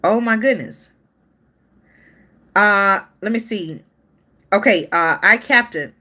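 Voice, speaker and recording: A woman's voice: medium pitch, takes it slowly, pushed and bright. A woman hosting a live-stream news show, reading articles aloud in a chatty way and talking straight to her viewers, often stopping to restart or look things up.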